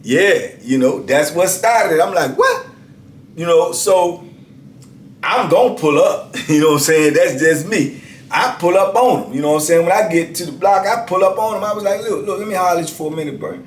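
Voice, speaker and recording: This man in his fifties has a high voice with lively intonation at normal speed, telling a laid-back story about prison life. He talks conversationally, repeatedly asking "you know what I'm saying," in an echoey room.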